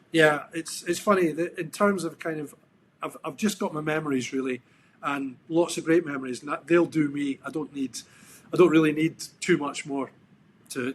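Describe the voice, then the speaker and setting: A middle-aged man with a Scottish accent, chatting as a guest on a podcast. His voice sits a little higher than most men's, and he wanders through his stories with plenty of ums and restarts. The mood throughout is relaxed and reflective. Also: a little hiss or hum. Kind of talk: casual interview chat.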